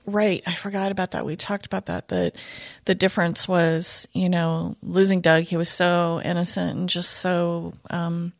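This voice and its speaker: A woman, a retired police dog handler, talking reflectively in a casual podcast conversation, pausing often. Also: lowish voice, level tone, vocal fry, no echo, studio quality. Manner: reflective, soft-spoken, many pauses and fillers.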